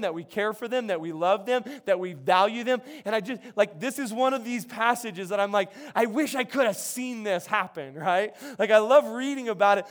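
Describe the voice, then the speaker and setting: A man preaching a sermon, animated and conversational, with frequent restarts and acted-out quotes. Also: sits high. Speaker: pastor.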